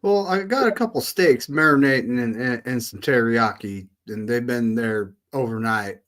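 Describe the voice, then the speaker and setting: A man with a middle-pitched voice chats casually as co-host of a sports fan show. He sounds relaxed and stumbles over a few words as he talks. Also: normal speed. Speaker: podcast co-host.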